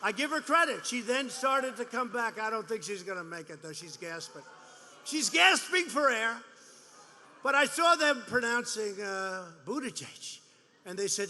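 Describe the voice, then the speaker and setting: At a large rally, a male politician in his seventies delivers a meandering, bragging, derisive campaign speech full of repeated phrases. His high-pitched voice is expressive and sharp, his pace unhurried, and the sound is big and roomy.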